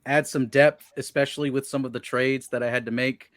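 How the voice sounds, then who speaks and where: A man taking part in a casual video-call chat about basketball, relaxed and self-mocking, speaking into a desk mic at home. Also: medium pitch, a little fast, no echo, studio quality. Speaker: sports blogger.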